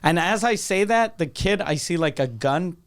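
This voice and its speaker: Speaking at a normal speed in a high, gravelly, expressive voice, this man from Canada hosts a podcast. He rambles through a long comic story full of profanity and voices the people in it.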